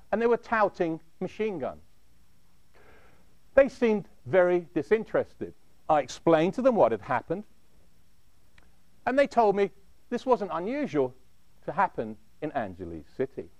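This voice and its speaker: Animated man telling a dramatic story. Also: no echo. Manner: measured, dramatic delivery that drops low at the end of phrases. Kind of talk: first-person storytelling.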